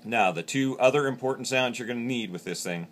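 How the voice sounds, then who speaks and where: A man's voice: medium pitch, a little fast, fairly bright tone, slight background noise. A man teaching how to use a game call, explaining each step plainly. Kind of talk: hands-on instructional demo.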